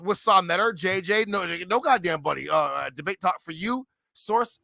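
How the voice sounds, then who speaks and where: A man in his forties argues hard on a livestream panel, boasting and cursing. His voice sits high and has a sharp, bright edge with some gravel in it. The sound is dry and close. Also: normal speed, dry recording. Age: 40s. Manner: emphatic, profane, combative boasting. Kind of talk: heated livestream chat.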